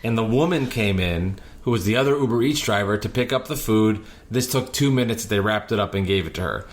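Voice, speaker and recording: A man hosting a podcast, telling animated stories from his delivery shifts in casual chat. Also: lowish voice, fairly quick. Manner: animated anecdotes, breaks into singing. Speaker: podcast host and delivery driver.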